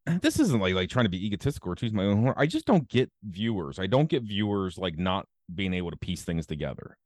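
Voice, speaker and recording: A man's voice: low voice, very animated, fast talker, dry recording, studio quality. A man hosting a podcast in casual chat, rambling and profane with many fillers. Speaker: podcast host.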